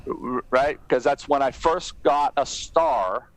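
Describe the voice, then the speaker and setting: A man being interviewed as a guest on a podcast, telling stories and giving advice in an animated, emphatic way. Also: slow pace, dry recording, poor audio. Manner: animated, emphatic storytelling that rises in pitch at exciting moments. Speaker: guest, keynote speaker.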